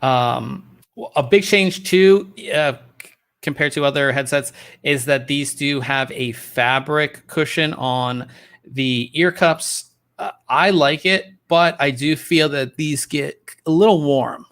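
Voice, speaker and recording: A man hosting a casual tech podcast, talking in a relaxed, rambling way with frequent ums and restarts, recorded on a studio podcast microphone. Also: on the high side, takes it slowly. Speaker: podcast host.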